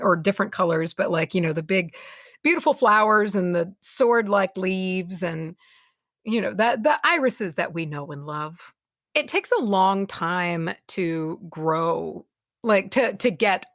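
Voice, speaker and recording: A woman's voice: medium pitch, no room sound, studio quality. A woman co-hosting a podcast in casual chat, rambling and giggly, often correcting herself mid-sentence. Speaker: podcast co-host.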